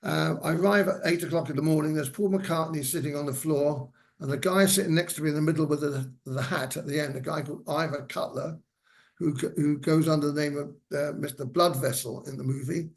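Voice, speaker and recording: A man's voice: fairly high pitch, fairly even intonation, fairly quick, gravelly. Older man telling stories in a lecture. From England. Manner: rambling anecdotal delivery with fillers. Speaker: guest speaker, former hairdresser. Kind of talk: lecture storytelling. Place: senior center lecture hall.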